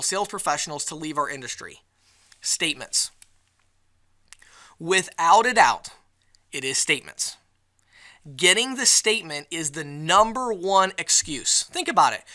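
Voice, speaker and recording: A man giving a live sales training presentation at an event, lively and acting out the excuses customers give. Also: sits high. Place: event venue.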